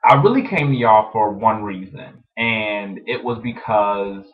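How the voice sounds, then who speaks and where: A young man talking casually to his webcam, chatty and animated, telling stories with lots of "like". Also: on the low side, measured pace. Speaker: vlogger. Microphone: webcam microphone. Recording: dull lo-fi webcam audio.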